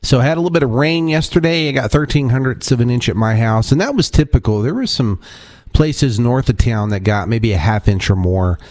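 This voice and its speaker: A man's voice: medium pitch, expressive, brisk, a little mellow, no room sound, studio quality. Chatty man hosting local radio. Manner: chatty, rambling, self-correcting. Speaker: radio show host. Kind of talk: casual radio talk. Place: radio studio.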